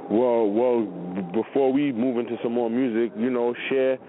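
A radio host with a medium-pitched voice chats casually on air with callers at a moderate pace and fairly even intonation. He's laid-back, uses lots of fillers and laughs often, and the audio is narrow and phone-like with faint noise.

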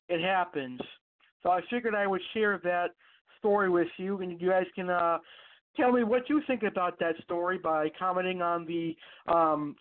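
Man telling stories over a tinny phone line. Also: sits high. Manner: rambling, with frequent fillers and restarts. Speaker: podcast host. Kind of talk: casual storytelling.

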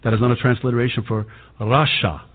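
A man's voice: fairly even intonation, fast. Fervent preacher man, native Arabic speaker. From Lebanon. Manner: fervent, swings between loud outbursts and low asides. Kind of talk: sermon. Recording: tinny phone-like sound with long hall reverb.

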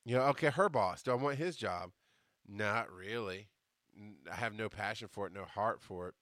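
A man hosting his podcast, telling a story from his working life in a casual, animated way, cursing and restarting his sentences. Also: on the low side, moderate pace, dry recording, clean studio sound. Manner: animated, profane, many restarts. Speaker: podcast host.

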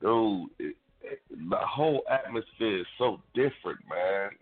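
Radio host, male, very low voice, loose rambling slang, phone-thin sound. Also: animated, narrow, tinny audio. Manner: rambling, drawn-out, laid-back slang. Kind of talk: casual radio banter.

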